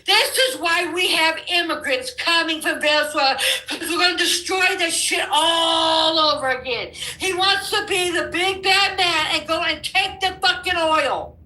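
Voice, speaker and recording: An older woman caller shouting a profane argument through bursts of laughter, high as she speaks. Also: measured pace, rough recording. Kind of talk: heated debate.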